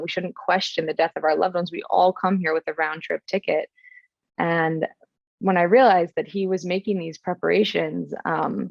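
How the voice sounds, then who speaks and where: Young woman podcast guest with a gravelly, slightly low voice. Earnest, reflective storyteller. Dull, dry recording. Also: no echo. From Florida, USA. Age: young adult. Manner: earnest and reflective, many ums and restarts. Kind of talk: casual personal storytelling.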